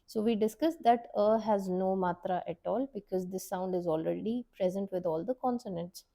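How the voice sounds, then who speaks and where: A woman teaching a Hindi lesson, explaining step by step and repeating each sound slowly so the learner can follow. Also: mid-range voice, vocal fry, warm tone. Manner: patient, repeats sounds to model pronunciation. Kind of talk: slow step-by-step language lesson.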